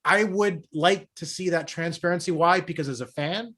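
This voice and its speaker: A man's voice: fairly high pitch, normal speed, a bit bright. Earnest man arguing a hockey point. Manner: earnest, argues his point at length. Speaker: podcast co-host. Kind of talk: casual sports chat.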